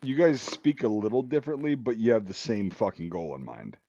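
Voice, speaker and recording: A man's voice: on the low side, animated, a little fast, warm tone, dull audio. A man hosting a casual chat, telling rambling stories full of swearing and laughing as he talks. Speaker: podcast host.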